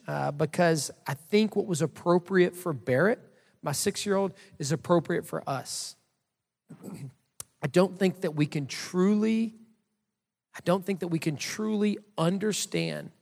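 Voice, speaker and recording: A man's voice: a little high, vocal fry, darkish tone. A man in his thirties preaching a sermon as pastor, telling a story in a casual, conversational way with many fillers. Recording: long hall reverb.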